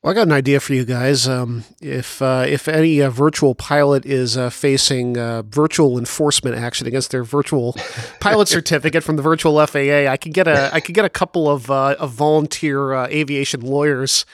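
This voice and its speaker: A man's voice: mid-range voice, fairly even intonation, fairly quick, no echo, clean studio sound. A man joining the conversation with a joking suggestion, speaking with hesitant fillers. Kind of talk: casual interview talk.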